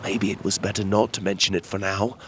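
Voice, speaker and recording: A man narrating a children's fantasy adventure in the first person, reading at a measured, steady pace. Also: low voice, a little hiss or hum. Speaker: storyteller.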